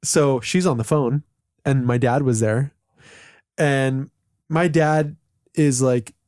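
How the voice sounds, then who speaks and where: A man in his late thirties tells casual stories on a podcast, wandering and loose, peppered with fillers and the odd curse. His voice is dark and mellow. The recording is dry and close. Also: mid-range voice, takes it slowly, dry recording. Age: late 30s. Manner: rambling with many "like" fillers, swearing. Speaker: podcast co-host. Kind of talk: casual storytelling chat.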